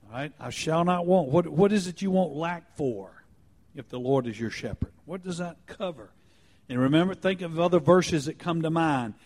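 Male pastor, fairly high voice, earnest and deliberate teaching style, slow emphatic delivery. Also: lively intonation, darkish tone. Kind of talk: sermon.

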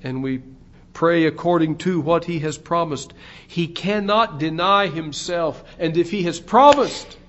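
A man preaching a sermon in a slow, deliberate way, his voice swelling louder on key phrases. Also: fairly high pitch, a little hiss or hum. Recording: dull lo-fi recording.

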